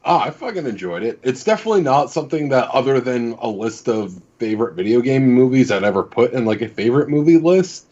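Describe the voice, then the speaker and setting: A man co-hosting a casual gaming podcast, giving a relaxed, opinionated review with some swearing. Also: mid-range voice, fast talker, few pauses, muffled recording. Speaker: podcast co-host.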